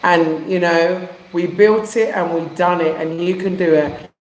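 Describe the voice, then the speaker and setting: A woman's voice: fairly low pitch, steady tone, unhurried. A woman from England telling a heartfelt personal story in casual chat, using street slang. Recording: echoey room.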